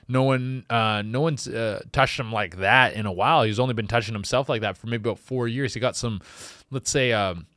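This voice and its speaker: A man hosting a comedy podcast, telling a crude story in a rambling, animated way with restarts and sudden jumps in pitch. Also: no room sound, studio quality.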